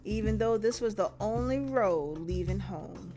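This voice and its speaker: A woman's voice: medium pitch, animated, measured pace, music in the background. A woman voicing a wry, world-weary farm woman, reading a game's narration aloud in a dry storytelling manner.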